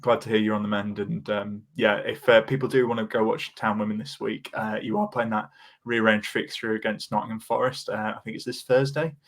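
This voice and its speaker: A man's voice: fairly low pitch, steady tone, fairly quick, few pauses. A man hosting a casual football podcast, chatty and self-deprecating with many fillers. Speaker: podcast host.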